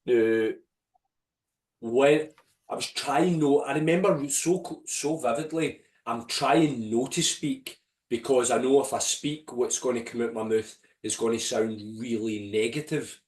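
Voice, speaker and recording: A man's voice: mid-range voice, a little slow, darkish tone. A man, a podcast guest, telling a vivid story with swearing and replaying his own inner voice. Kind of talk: storytelling in an interview. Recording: roomy and distant from the mic.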